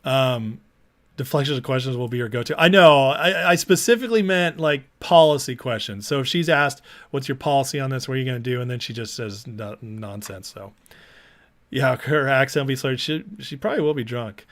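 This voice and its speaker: A man's voice: mid-range voice, fairly quick, a bit bright. A man hosting a casual livestream, chatting loosely and reading out viewer comments as he goes. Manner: chatty, reads out viewer comments and laughs along. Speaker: livestream host.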